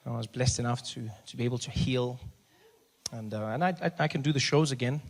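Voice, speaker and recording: A man's voice: medium pitch, a little fast, gravelly. A man, telling stand-up stories and acting out the characters in them. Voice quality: animated, acts out characters. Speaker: stand-up comedian. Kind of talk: stand-up storytelling. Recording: live stand-up with crowd noise.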